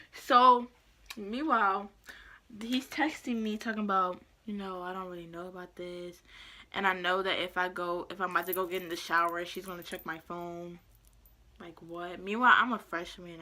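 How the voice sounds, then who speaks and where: A young woman vlogger telling a story in a casual, slangy, animated way, often breaking into laughter. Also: lowish voice.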